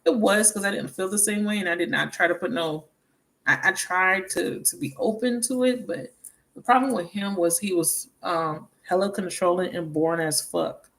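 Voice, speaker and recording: A woman's voice: lowish voice, moderate pace, fairly bright tone. A woman tarot card reader talking in a casual, blunt and profane way, telling stories with laughs in between. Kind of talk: casual tarot reading monologue.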